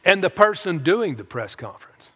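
A man's voice: high-pitched, big pitch swings, normal speed, sharp tone. A man preaching a sermon in a folksy, conversational way, often calling out "amen?" to the congregation. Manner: conversational, folksy, with frequent "amen?" call-outs. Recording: echoey hall, dull lo-fi sound.

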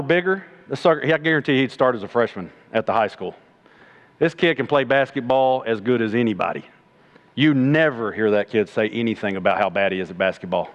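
A man preaching a sermon in a plainspoken, folksy way, swinging from loud exhortation to low mocking asides. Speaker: preacher and middle school coach.

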